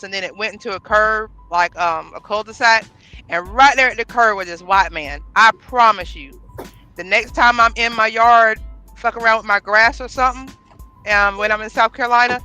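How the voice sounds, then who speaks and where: A man on a casual panel telling a wry, unhurried story. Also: high-pitched, pushed and bright.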